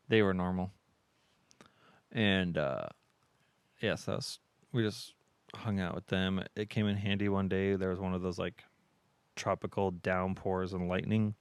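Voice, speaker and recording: A man's voice: low voice, fairly even intonation, unhurried, long pauses, clean tone, no echo. A man co-hosting a podcast, telling a rambling story in casual chat with lots of fillers. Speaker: podcast co-host.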